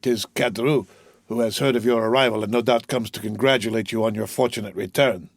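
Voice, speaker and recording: A man doing a gentle frail old father. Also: fairly low pitch, fairly even intonation, brisk, dry recording, studio quality. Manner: gentle, soft-spoken.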